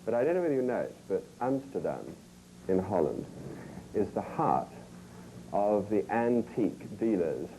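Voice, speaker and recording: A man's voice: lowish voice, big pitch swings, normal speed, mellow, a little hiss or hum, rough recording. A man hosting a cooking show, joking wryly with a studio audience in an archival broadcast. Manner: wry, teasing asides.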